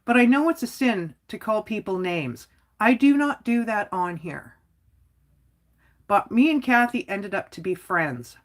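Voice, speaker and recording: A woman's voice: medium pitch, expressive, a little slow. Outspoken woman ranting on a livestream. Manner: outspoken, rambling, frequent "like". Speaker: livestream host. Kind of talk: casual livestream rant.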